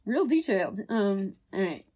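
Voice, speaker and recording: A woman's voice: medium pitch, very animated, normal speed, mellow. A woman hosting a podcast, chatting casually and hedging often as she tells a true crime story. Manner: rambling, hedging, laughs while telling the story. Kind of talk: casual chat.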